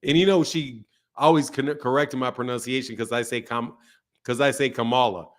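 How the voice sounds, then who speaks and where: A man's voice: mid-range voice, normal speed. A man hosting a live stream in loose, casual chat, joking, laughing often and answering viewers' comments.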